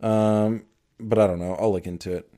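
A man's voice: lowish voice, steady tone, moderate pace, dark tone. A young man co-hosting a casual sports podcast, loose and joking, often breaking into laughter. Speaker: podcast co-host.

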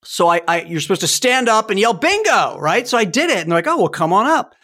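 Animated storytelling man, fairly high voice. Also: fast. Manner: animated storytelling, acts out toy sounds. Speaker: podcast host. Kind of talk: casual chat.

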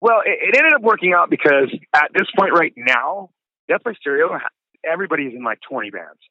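A man's voice: fairly high pitch, very animated, a little fast, sharp tone, no room sound. Laid-back man in his forties, punk-singer guest; tinny, phone-like audio, dry. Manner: laid-back, says dude and like a lot. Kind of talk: casual storytelling chat.

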